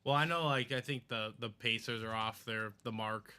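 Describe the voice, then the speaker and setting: A man's voice: lowish voice, normal speed, sharp tone, clean tone. A man co-hosting a live card break, giving short, laid-back replies in casual chat.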